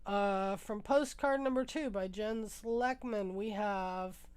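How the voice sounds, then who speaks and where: A woman's voice: mid-range voice, slow, darkish tone, clean tone. A woman hosting a music livestream, musing aloud as she browses, tired and congested from a sinus infection. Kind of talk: casual livestream chat.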